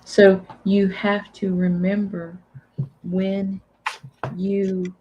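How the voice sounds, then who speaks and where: A woman guest giving an intuitive tarot reading, halting and repeating her words as she goes. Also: mid-range voice, little pitch movement, highs cut off, background noise. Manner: slow, hesitant, repeats words.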